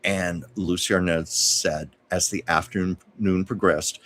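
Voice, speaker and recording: A man with a very deep voice hosts a live-streamed chat. He recounts anecdotes conversationally, adding asides and corrections as he goes. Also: steady tone, takes it slowly, few pauses, a bit bright, no room sound. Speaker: host. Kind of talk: storytelling livestream chat.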